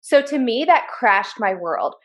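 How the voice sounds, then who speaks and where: Earnest, animated woman co-host. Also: fairly high pitch, a little slow. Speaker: podcast co-host. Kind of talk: casual chat.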